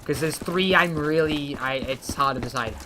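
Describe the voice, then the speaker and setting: A young man hosting a casual gaming chat, telling stories excitedly and swearing freely. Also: a little high, normal speed. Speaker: channel host. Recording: clear background noise, gunfire.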